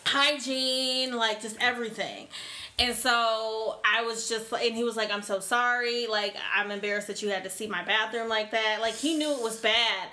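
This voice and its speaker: A woman's voice: fairly high pitch, fairly even intonation, moderate pace, sharp tone. A woman hosting a podcast, telling a story in a playful casual chat. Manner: playful, laughing, interjects. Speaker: podcast host.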